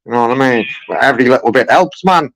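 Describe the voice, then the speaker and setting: Guy on the phone moaning about a complaint, keeps pushing and repeating himself, mid-pitch voice. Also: expressive, fast, a bit bright, rough recording. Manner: insistent, repetitive, keeps saying "man" and "mate". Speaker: caller making a complaint.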